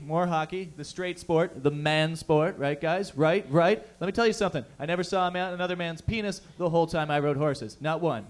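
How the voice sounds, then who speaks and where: A young man doing a stand-up set, with profane, rambling, conversational talk. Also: on the high side. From Canada. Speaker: stand-up comedian.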